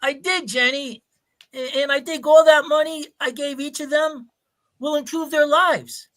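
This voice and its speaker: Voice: high-pitched, fairly even intonation, unhurried, a bit bright. A performer voicing an earnest young man in an amateur radio drama, speaking heartfelt and hesitant. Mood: humble. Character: earnest young man proposing to his sick girlfriend.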